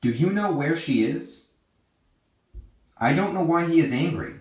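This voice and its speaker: Lively-pitched man reading practice sentences. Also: roomy sound. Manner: slow, clear, deliberate sentence reading. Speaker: English teacher.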